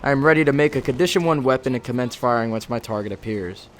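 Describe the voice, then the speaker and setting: Young American ex-Marine, mid-pitch voice, sardonic and foul-mouthed, reading his diary over gameplay, faint hiss behind. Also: quick pace. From United States. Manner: profane, sardonic, laughs at himself. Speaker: former Marine reading his old journal. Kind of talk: gameplay commentary, reading diary entries aloud.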